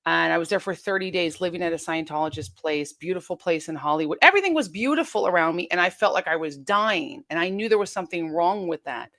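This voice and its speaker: A woman speaks as a guest in a candid interview, her voice pitched slightly low. She is earnest and intense, often voicing her own past thoughts as she goes. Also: expressive, quick pace, few pauses, a bit bright. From United States.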